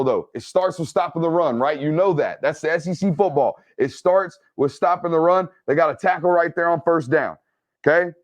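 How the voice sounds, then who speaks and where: A man talking through game film with steady energy and a voice pitched a little high. He narrates each play and keeps checking in with his listener with "right?" and "okay?". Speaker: football film analyst and host. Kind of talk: game film breakdown commentary.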